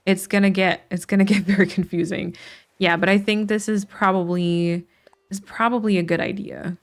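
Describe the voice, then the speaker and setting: A woman's voice: mid-range voice, level tone, moderate pace. A woman streamer chatting casually while playing a game, thinking aloud with restarts and light laughs.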